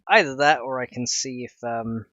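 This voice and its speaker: A man's voice: mid-range voice, moderate pace, sharp tone, no echo, dull audio. Bunged-up man rambling on a stream. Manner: rambling, thinks aloud with chuckles. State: stuffed-up nose. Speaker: livestreamer and game modder. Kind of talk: casual livestream chat.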